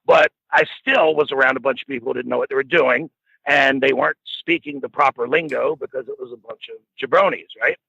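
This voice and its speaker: A man's voice: medium pitch, brisk, vocal fry, bright, forceful tone, husky, no echo. A middle-aged man telling a rambling, profane anecdote in a casual way, often laughing as he goes. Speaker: storyteller guest. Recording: dull lo-fi dry recording.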